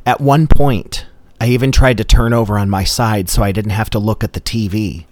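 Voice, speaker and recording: A man's voice: fairly low pitch, moderate pace, a little mellow, no echo. A man telling a comedic personal story in a dry, matter-of-fact way. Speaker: storyteller host.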